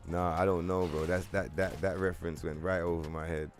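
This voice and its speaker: Deep-voiced London streamer, slangy chat. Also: male voice, flat delivery, brisk, faint music behind. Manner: loose slangy banter, swearing, answering chat. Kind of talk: casual gaming stream chat.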